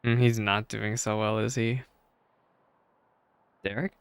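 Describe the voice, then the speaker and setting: A man streaming a game, giving casual let's-play commentary in a jokey, animated way. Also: fairly low pitch, normal speed, clear, resonant tone, no echo.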